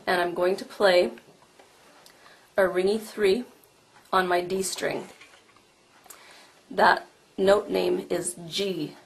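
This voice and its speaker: A woman's voice: lowish voice, steady tone, takes it slowly, gravelly, long pauses. Woman teaching violin in an echoey room. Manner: friendly, explaining step by step with demonstrations. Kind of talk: instructional demonstration. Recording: echoey room, mic at a distance.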